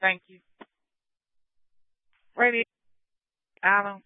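A man's voice: high-pitched, steady tone, extremely slow, a little hiss or hum. A man working as a police dispatcher, giving clipped, procedural calls over the radio. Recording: tinny police radio scanner audio.

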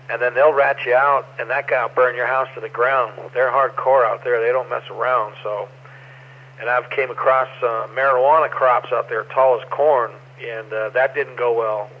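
A middle-aged man chatting casually as an amateur radio operator, rambling through stories in a relaxed way. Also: medium pitch. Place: over the air on amateur radio. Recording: muffled ham radio audio with faint noise.

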